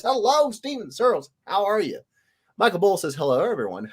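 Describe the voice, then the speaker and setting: Brisk and husky with a high voice, this illustrator keeps his livestream relaxed and conversational. He swoops between pitches nonstop, sing-songs hello to every commenter, and comes across lively and talkative.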